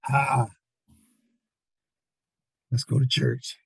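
An older man preaching a sermon over a video call, repeating words and rising into near-shouts. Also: a little high, very animated, measured pace, slightly rough, no room sound, poor audio.

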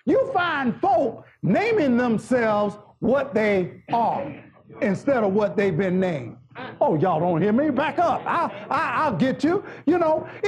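A male preacher giving a fervent sermon, shouting and joking with the congregation. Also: extremely high pitch.

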